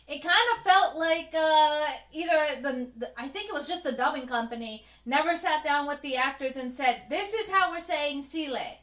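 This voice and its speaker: A woman who grew up speaking Spanish, co-hosting a casual podcast in an animated, opinionated way. Her voice sits high. The room around her is echoey. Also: normal speed, few pauses. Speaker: podcast co-host. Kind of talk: casual chat.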